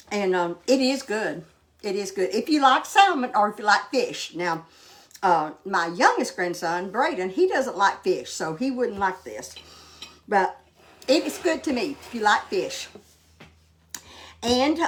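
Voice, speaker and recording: An older woman chats at a mid pitch while she tastes her cooking. She talks in a homey, rambling way, full of ums and uhs. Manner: homey, rambling with many fillers. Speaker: cooking show host. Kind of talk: casual cooking vlog chat.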